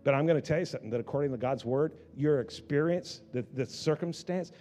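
Male pastor, high voice, impassioned and repetitive delivery, long echo of a big hall. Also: quick pace, dark tone. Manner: impassioned preaching with many restarts. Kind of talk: sermon.

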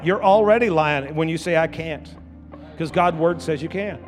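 A high-pitched male pastor preaching in a church, his voice carrying through a long, echoing hall. He circles back on his phrases and climbs into shouting, with soft music under him. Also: moderate pace. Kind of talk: sermon.

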